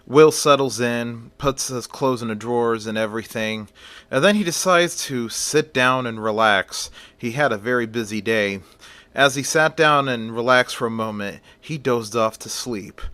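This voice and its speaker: A male storyteller narrating horror in an animated way, his voice bright and forceful. The sound is close and dry, with no room echo. He talks at a natural, unhurried pace. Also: mid-range voice, smooth.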